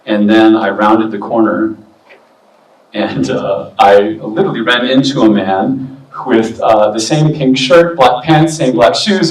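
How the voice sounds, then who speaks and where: A man giving a relaxed, chatty talk as a medium to an expo audience, with many fillers. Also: fairly low pitch, normal speed, distant mic, a crowd in the background. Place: expo hall. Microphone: booming handheld or stand mic. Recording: echoey hall, mic heard from afar.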